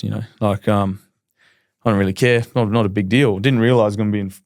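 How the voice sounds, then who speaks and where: A man in his thirties with an Australian accent, telling his story candidly in a relaxed podcast chat. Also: fairly low pitch, no echo, studio quality. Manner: rapid, candid, laid-back with frequent ums. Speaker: podcast guest, professional footballer.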